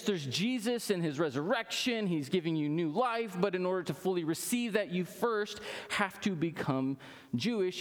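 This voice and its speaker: Pastor guy preaching in a church, kinda high voice, long echo off the hall, keeps tossing in "right?". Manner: varied emphatic delivery, rhetorical "right?" asides. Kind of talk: sermon. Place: church sanctuary with congregation.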